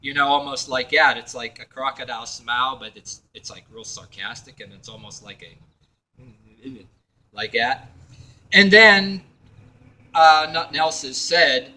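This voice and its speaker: A man's voice: mid-range voice, unhurried, pushed and bright, low-quality recording. A man telling a personal story to camera in a meandering way, full of fillers and restarts, acting out what others said. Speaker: video blogger.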